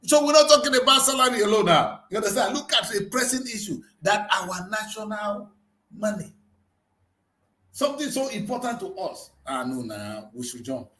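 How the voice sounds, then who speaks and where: An animated man hosts a heated newspaper review, pressing his points with rhetorical questions. His voice sits high for a man. The studio gives it a roomy echo. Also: moderate pace. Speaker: host of a newspaper review show.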